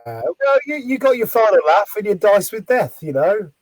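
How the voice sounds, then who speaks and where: A man's voice: high-pitched, very animated, moderate pace, no echo. A man hosting a podcast, wrapping up an interview with a brief, friendly sign-off. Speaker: podcast host. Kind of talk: casual interview wrap-up.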